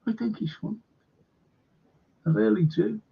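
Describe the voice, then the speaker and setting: Male stream host, husky and raised in pitch, profane, rambling, reading out comments, dull audio. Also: normal speed. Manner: profane, rambling, reads viewer comments aloud. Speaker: livestream host. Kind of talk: casual fan livestream chat.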